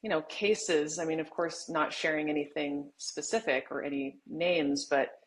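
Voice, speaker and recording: Low-voiced woman hosting a podcast. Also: steady tone, normal speed, slight background noise, rough recording. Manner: conversational, polite questioning. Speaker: podcast host. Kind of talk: podcast interview.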